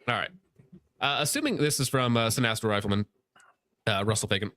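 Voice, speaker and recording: Man, sarcastic commentary host, bright tone, dry close mic. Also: on the low side, fairly quick, pauses often, dry recording. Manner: sarcastic, mocking reading of posts. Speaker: show host. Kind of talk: casual commentary.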